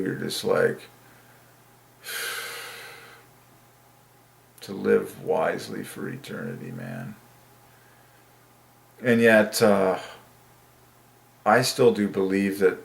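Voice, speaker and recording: A man's voice: low voice, gravelly. A man giving a casual, earnest reflection on the Bible, rambling and candid, often laughing and saying "like.". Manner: earnest, emotional. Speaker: Christian video maker.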